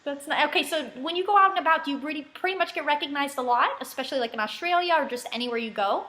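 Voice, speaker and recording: A woman interviewing a guest in a casual, chatty way, asking quick questions and encouraging him. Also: high-pitched, pushed and bright, echoey room.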